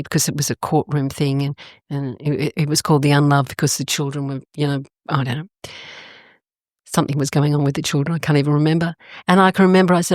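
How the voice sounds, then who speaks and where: An older Australian woman telling stories in a casual interview, animated and expressive, her pitch jumping up suddenly. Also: a little fast, no room sound, studio quality. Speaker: guest.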